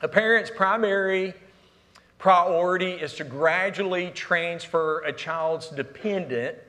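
Slow, high, bright and forceful, a middle-aged man's voice fills an echoey church sanctuary. He preaches with humor, telling family stories and using a Southern "y'all."

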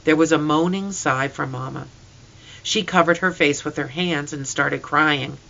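Earnest storybook reader, bright tone. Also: medium pitch, a little slow, gravelly, muffled recording. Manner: earnest, emotional reading. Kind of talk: scripted narration of a storybook.

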